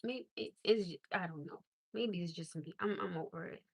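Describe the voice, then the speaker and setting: Ranting casually to her livestream audience, a woman speaks in a lowish, slightly rough voice at a moderate pace. She's blunt and exasperated, stressing her words with growing disbelief, in a dry recording.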